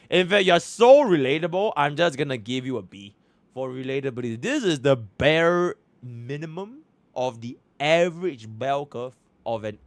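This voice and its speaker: Excitable Singaporean streamer, swearing freely. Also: male voice, medium pitch, no echo. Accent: Singaporean English. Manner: profane, excitable, swings loud and quiet. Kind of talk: livestream game account review.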